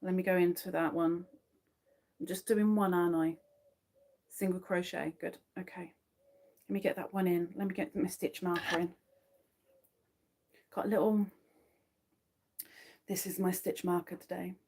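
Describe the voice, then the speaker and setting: A woman's voice: lowish voice, flat delivery, normal speed, long pauses, darkish tone. A woman hosting a crochet livestream, chatting casually with viewers and murmuring her stitch counts while she works. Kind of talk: casual chat to a live audience while crocheting.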